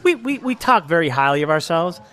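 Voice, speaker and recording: A man's voice: fairly high pitch, big pitch swings, brisk, a bit bright. Older rochester guy, western ny accent, rambling cop stories, swears a lot, live in a bar. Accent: Western New York. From Rochester, New York. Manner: rambling storyteller, heavy swearing, restarts. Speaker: podcast host. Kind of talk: profane live podcast banter. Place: neighborhood bar.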